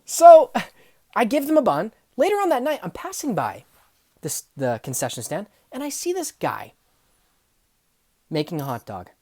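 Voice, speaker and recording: A young woman telling funny workplace stories, acting out the people in them and swinging from hushed asides to loud outbursts. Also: mid-range voice, measured pace, long pauses, slightly rough, no echo, studio quality. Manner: animated, acts out dialogue, swings from hushed to yelling. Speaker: storyteller. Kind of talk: comedic storytelling vlog.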